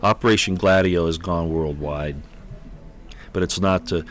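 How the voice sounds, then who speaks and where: A man hosting a livestream, talking off the cuff with many halting restarts and repeated words, sounding exasperated. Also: low voice, fairly even intonation, a bit bright. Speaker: livestream host. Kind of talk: rambling livestream commentary. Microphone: computer mic on an unsteady connection.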